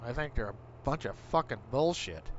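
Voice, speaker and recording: Over dull, lo-fi stream audio with a faint vehicle hum, a middle-aged gaming streamer rants casually and with plenty of profanity. His medium-pitched voice is expressive and moves at normal speed, erupting now and then into anger.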